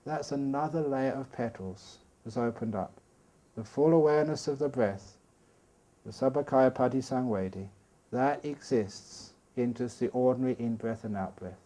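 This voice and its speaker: A man giving a calm, patient meditation talk at a retreat, speaking slowly with soft pauses. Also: mid-range voice. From Australia. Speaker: meditation teacher. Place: retreat hall.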